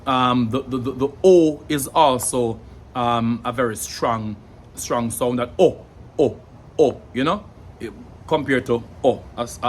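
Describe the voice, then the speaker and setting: A Jamaican man giving an earnest spoken explanation, pausing often to search for words and sounding out examples. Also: mid-range voice, fairly bright tone, slight background noise. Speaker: language educator. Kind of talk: explanatory monologue.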